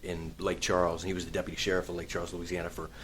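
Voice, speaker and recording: A man from Texas, a guest in a radio studio, talking in a relaxed, rambling way and often restarting his sentences. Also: deep voice, very fast, a little hiss or hum. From Texas, USA. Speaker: guest actor. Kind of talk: casual studio interview.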